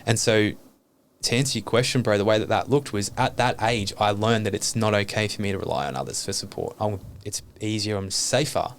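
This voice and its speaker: A man's voice: fairly low pitch, brisk, a little hiss or hum. A man talking openly and earnestly as a podcast guest, reflecting on his life and swearing casually.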